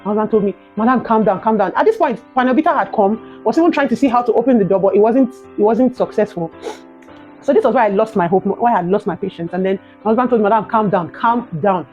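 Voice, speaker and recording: A young adult woman with a Nigerian accent, telling a personal story in a vlog, animated and emotional, ending in prayerful encouragement. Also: medium pitch, fast, lo-fi sound, soft background music. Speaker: vlogger.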